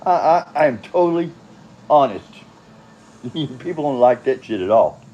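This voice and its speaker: A man's voice: mid-range voice, lively intonation, normal speed, lo-fi sound, a little hiss or hum. Blunt, profane older man rambling. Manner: blunt, profane, chuckling, drifts off on tangents. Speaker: vlogger telling his own story. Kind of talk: rambling casual monologue.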